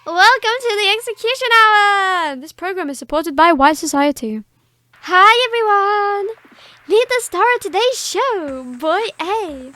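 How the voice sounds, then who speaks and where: A woman's voice: very high voice, animated, a little slow, bright, forceful tone, dry recording, heavily acted. A woman voicing a cheerful, sadistic girl who hosts a show, speaking in a sweet, mocking sing-song while reading game dialogue.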